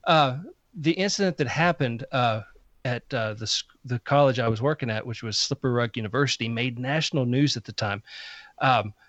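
A man's voice: mid-range voice, a little fast, a bit bright, no echo. A man in his fifties, a podcast co-host, telling stories in a blunt, profane way. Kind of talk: casual chat, storytelling. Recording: slightly muffled podcast audio.

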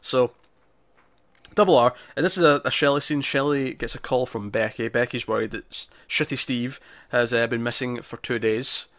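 A man's voice: mid-range voice, moderate pace, fairly bright tone, no echo. Chatty man recapping a show. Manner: chatty, lots of fillers and acted-out quotes. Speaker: podcast co-host. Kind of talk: casual chat recapping a TV episode.

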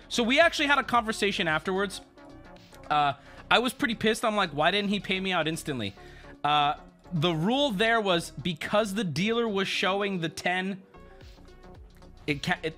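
A man streaming, telling an animated story to his chat and friends, shouting at the high points and dropping low to mimic others. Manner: excitable, shouts at the big moments, drops into gruff voices for others.

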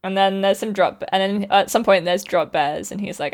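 A woman's voice: fairly low pitch, steady tone, a little fast, hardly any pauses. A woman co-hosting a casual podcast, retelling a story with lots of fillers and laughter. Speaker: podcast co-host. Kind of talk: casual chat, retelling a book.

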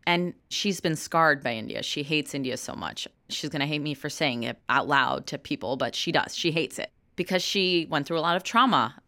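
A woman's voice: low voice, fairly bright tone, no echo. A young American woman from Chicago, an actress talking candidly in an interview and laughing often. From Chicago, United States. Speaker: actress, guest.

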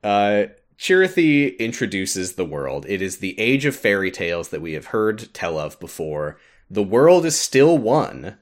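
A man's voice: on the low side, big pitch swings, a little slow. A man co-hosting a podcast, chatting casually as he recaps a game's story with frequent laughs and filler words. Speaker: podcast co-host explaining a game story. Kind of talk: casual chat.

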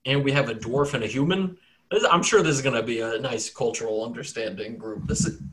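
A man's voice: medium pitch, a bit bright. A young man running a tabletop game, joking and teasing his players. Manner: joking, teasing, quick to laugh. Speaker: game master. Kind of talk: casual tabletop game banter.

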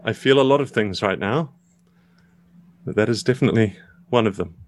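A man's voice: on the low side, natural voice. A man voicing a reserved young man who speaks formally and carefully, with an earnest tone. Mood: moved. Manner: formal and measured.

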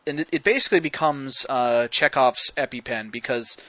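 Bright-voiced man hosting a podcast. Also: mid-range voice, dry recording. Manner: wry, detailed, quick to quote scenes. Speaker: podcast host. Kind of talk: casual film breakdown chat.

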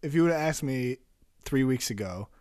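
A man co-hosting a music podcast in a relaxed, joking chat. He teases dryly and laughs often, his pitch moving up and down freely. The sound is close and dry, with no room around it. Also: normal speed, no room sound. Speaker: podcast co-host. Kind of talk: casual chat.

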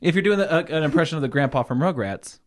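A man co-hosting a casual podcast with his friends, his voice swinging up and down as he jokes. He laughs easily and drops casual swears. The chat is loose and lively. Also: on the high side, very fast. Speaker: podcast co-host.

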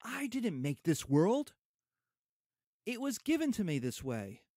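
A proud, desperate young husband, read aloud by a male teacher, pitched high above the reader's own voice and swinging wildly in tone. The delivery is impassioned and raised, in a close, dry sound. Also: very animated, measured pace, darkish tone, dry recording, exaggerated voice. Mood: indignant. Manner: impassioned dramatic reading, raised voice. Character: desperate bitter young Black man, proud.

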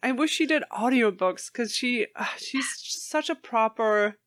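A woman's voice: fairly high pitch, a little slow, fairly bright tone, no room sound, clean studio sound. A young woman in casual chat about books and films, enthusiastic and laughing often.

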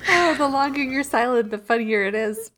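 A woman player in a tabletop game, making dry, deadpan quips. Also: high voice, moderate pace, a little hiss or hum.

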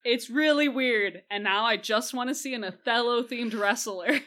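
Bright, sarcastic woman recapping a film. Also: fairly high pitch, normal speed. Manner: sarcastic, animated, swears freely. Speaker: podcast co-host. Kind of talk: casual film recap chat.

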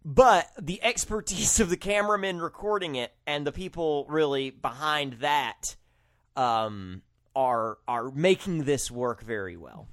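A man with a slightly high voice and a very lively pitch. He chats in an easygoing way, hedges his opinions and laughs often. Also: a little slow. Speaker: podcast co-host. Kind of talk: casual chat.

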